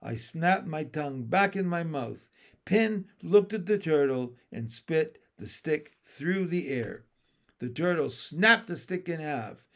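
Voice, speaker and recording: Man, audiobook narration, slow, quiet, slightly high pitch. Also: lively intonation. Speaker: audiobook reader. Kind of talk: storybook narration.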